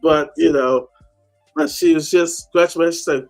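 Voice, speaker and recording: A man's voice: a little high, fairly even intonation, normal speed, a little mellow, soft background music. A man chatting casually on a call-in show, telling a story animatedly and acting out the people he quotes. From United States.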